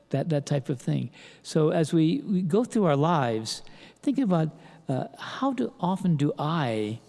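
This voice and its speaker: An older man preaching a sermon as pastor, halting with restarts and rhetorical questions. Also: medium pitch, gravelly, warm tone. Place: large church. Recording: long church reverb.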